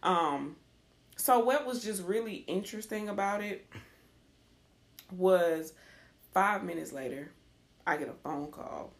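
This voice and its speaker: A woman co-hosting a podcast, telling a story in a casual, animated way, laughing often and acting out what people said. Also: lowish voice. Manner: animated, laughs often, acts out quoted dialogue; talks quickly at times, with restarts. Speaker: podcast co-host.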